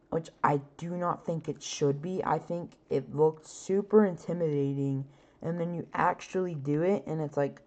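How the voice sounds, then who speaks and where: A woman's voice: on the low side, mellow. A woman hosting her own podcast, chatting casually with lots of fillers, her voice a bit scratchy. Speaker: podcast host. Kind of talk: casual solo podcast chat.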